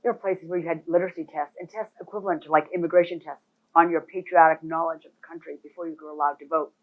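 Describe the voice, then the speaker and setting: This woman's voice sits low and she's a fast talker, leading a real estate boot camp presentation. Emphatic and animated, she addresses the room directly, though the sound is thin and phone-like.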